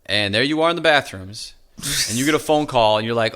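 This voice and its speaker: Podcast guy, quick talker, pitch all over the place, keeps chiming in. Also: lively intonation, fairly bright tone. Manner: interjecting, riffing reactions. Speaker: podcast co-host. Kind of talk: casual podcast chat.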